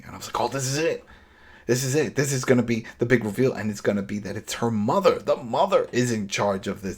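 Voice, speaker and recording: Man, podcast co-host. Casual episode recap, animated delivery, slips into quick character impressions. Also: lowish voice, breathy edge. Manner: animated, acts out characters' lines mid-recap.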